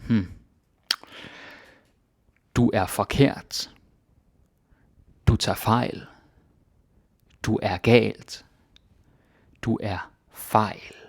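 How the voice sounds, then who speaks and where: A man teaching grammar in a relaxed, chatty way, thinking aloud with fillers. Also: on the low side, very slow, long pauses, slightly rough, dry recording, studio quality. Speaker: Danish language teacher. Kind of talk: casual grammar lesson.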